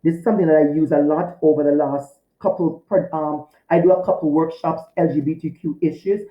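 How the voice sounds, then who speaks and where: A man's voice: a little high, steady tone, fairly quick, muffled recording. Earnest man lecturing in a roomy space. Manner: heartfelt, direct, repetitive. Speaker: teacher. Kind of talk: recorded video lecture to students. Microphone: recorded to camera for a video course.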